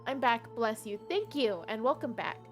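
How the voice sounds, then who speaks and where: Chatty lady streamer reading game text out loud, bit high, quiet music under her. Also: lively intonation, moderate pace. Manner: chatty, reads game text aloud, laughs often. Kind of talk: casual live game commentary.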